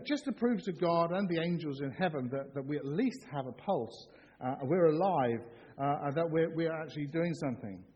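A middle-aged man preaching a sermon in a church, animated and jokey, acting out excited shouts. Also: a little high. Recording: dull sound with long hall reverb.

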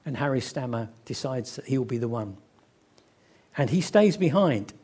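A man preaching a sermon, telling stories and acting out the voices of people in them, slowing down for emphasis. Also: medium pitch, expressive, darkish tone, breathy edge. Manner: storytelling, acts out quoted voices, slows for emphasis.

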